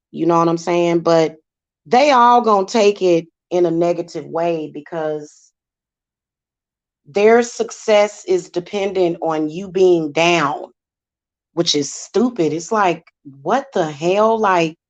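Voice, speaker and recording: A woman, hosting a casual, sassy monologue with many fillers. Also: fairly low pitch. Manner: chatty, sassy, repetitive fillers. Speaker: spiritual channel host. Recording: dull lo-fi sound.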